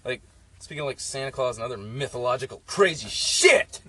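A man's voice: medium pitch, animated, brisk. A young man telling stories in a casual, profane, rambling way, full of "like". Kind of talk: casual storytelling chat. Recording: faint background noise.

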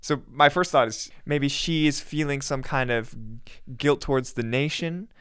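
A woman co-hosting a comedic podcast, wry and quick to laugh as she steers the banter. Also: extremely low pitch, smooth, no room sound, clean studio sound. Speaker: podcast co-host.

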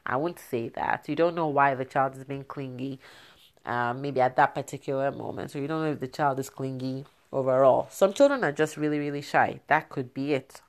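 Young adult woman from Nigeria, low voice, casual vlogger, chatty with frequent laughs. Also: brisk. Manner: chatty, laughs often, many fillers. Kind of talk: casual talk to camera.

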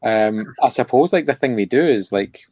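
A man's voice: mid-range voice, lively intonation, normal speed, darkish tone, breathy edge, dry recording. A man co-hosting a casual podcast, rambling and sardonic, with lots of filler words. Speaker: podcast co-host.

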